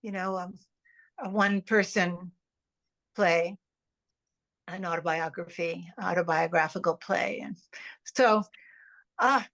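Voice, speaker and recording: An older actress, a guest in an interview, talking in a rambling, animated way with many restarts and repeated words. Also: female voice, on the low side, takes it slowly, pauses often. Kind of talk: casual interview chat.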